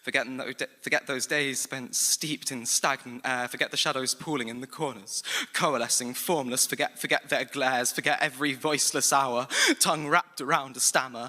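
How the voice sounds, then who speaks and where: A man's voice: medium pitch, steady tone, normal speed, hardly any pauses, bright, forceful tone. A man with an English accent performing spoken-word poetry live on stage in an intense, rhythmic, incantatory way. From England. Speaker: slam poet. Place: large hall venue, live on stage. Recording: live performance with long hall reverb.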